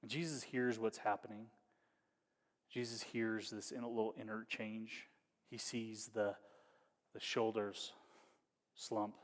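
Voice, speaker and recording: A man preaching a sermon as pastor, talking in a conversational, wry way that moves between hushed storytelling and animated bursts. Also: lowish voice, a little slow, pauses often, long reverb tail. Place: church hall.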